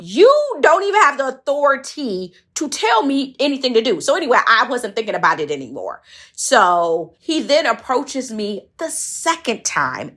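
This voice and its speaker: A woman's voice: mid-range voice, a bit bright. A woman around forty from Michigan telling a personal story in a blunt, profane, self-mocking way. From Saginaw, Michigan, US. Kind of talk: casual storytelling monologue.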